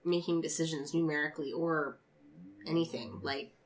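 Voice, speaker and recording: A woman's voice: low-pitched, normal speed, low-quality recording. A woman co-hosting a casual podcast chat, with a wry, dry sense of humor. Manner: wry, dryly joking. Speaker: podcast co-host.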